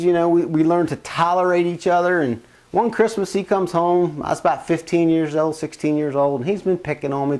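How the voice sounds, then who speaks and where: A man telling a personal family story in a casual, rambling way, acting out the quotes as he goes. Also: on the high side. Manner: animated, rambling, acts out quotes.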